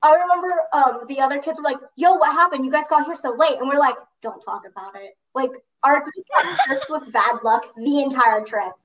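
A teenage girl with a high voice tells a long story in a loose, chatty way, leaning on "like" and laughing between lines. She sits a little back from the microphone, so her voice comes across slightly distant. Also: brisk, hardly any pauses, dull audio. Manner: animated, lots of "like", laughs mid-story. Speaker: storyteller recounting a school trip. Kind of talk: casual storytelling chat.

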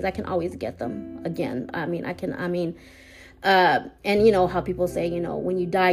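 A woman hosting her own podcast, talking haltingly with many restarts about something personal. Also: lowish voice, creaky, a little mellow. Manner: halting, hesitant, full of restarts. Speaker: podcast host.

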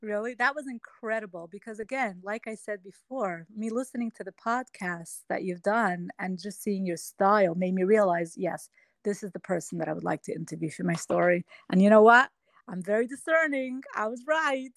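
A woman's voice: medium pitch, moderate pace, no room sound. This is a woman guest on a podcast, telling her own story. She speaks in a reflective, emotional way. The recording is dry and close, with no room sound. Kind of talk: personal storytelling interview.

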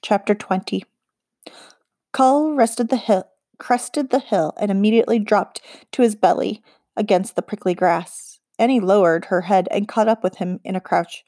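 A woman narrating a children's fantasy audiobook in an even, expressive storytelling voice. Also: mid-range voice, normal speed, no room sound, clean studio sound. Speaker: audiobook reader.

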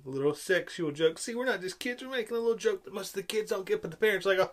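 A man's voice: sits high, fast talker, hardly any pauses. A man ranting in film commentary, sarcastic and exasperated, repeating his complaints. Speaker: movie reviewer.

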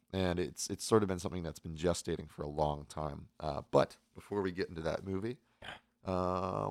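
A man's voice: low voice, no room sound, studio quality. A young man hosting a movie podcast in casual, rambling chat full of fillers. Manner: relaxed, rambling, many fillers. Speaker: podcast host.

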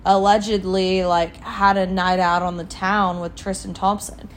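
A young woman with an ordinary mid-range voice talks through celebrity gossip with a friend. She's chatty and animated in her storytelling, with a faint hiss under the recording. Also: medium pitch, unhurried. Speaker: podcast co-host. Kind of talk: casual chat.

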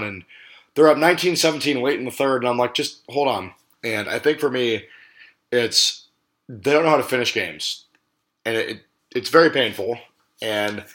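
A man's voice: mid-range voice, fairly bright tone. A man hosting a sports podcast, talking casually in blunt, profane rants that run heated one moment and joking the next. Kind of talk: casual ranting sports talk.

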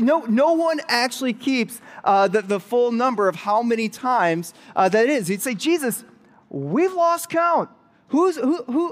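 High-voiced man preaching in a hall. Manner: conversational, animated storytelling with rising excited asides. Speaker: pastor. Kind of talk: sermon. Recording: reverberant hall.

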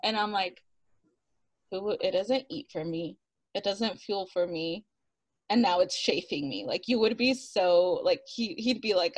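A talkative woman tells her story as a podcast guest. Her voice has a gravelly fry at the ends of lines, and she laughs often and acts out what people said. The sound is dry and close. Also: mid-range voice, measured pace, dry recording, rough recording. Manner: animated, laughs often, acts out quotes, many "like" fillers. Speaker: interview guest, runner. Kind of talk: casual storytelling interview.

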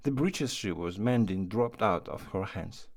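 A man narrating a classic short story in a measured reading voice. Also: lowish voice, lively intonation, gravelly, a little mellow.

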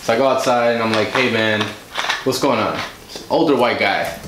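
A man's voice: mid-range voice, moderate pace. A man, a podcast guest, telling a story in a casual way and acting out the voices of the people in it. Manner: animated, acts out quoted dialogue. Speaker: podcast guest, music director and producer. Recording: roomy room, faint noise.

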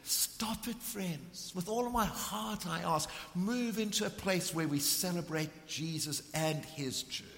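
A middle-aged man preaches with fervent conviction, his voice sitting fairly high for a man. He swings between ringing emphasis and hushed, intense moments. The sound carries a long reverb from a large church hall. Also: unhurried, vocal fry, few pauses. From South Africa. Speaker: visiting preacher. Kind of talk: sermon with storytelling.

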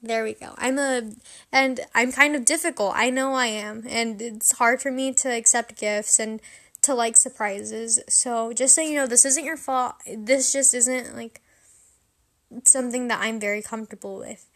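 A woman's voice: on the high side, moderate pace. A young woman hosting a podcast, rambling through a personal story in a casual, self-deprecating way. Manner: rambling, self-deprecating, animated when quoting herself.

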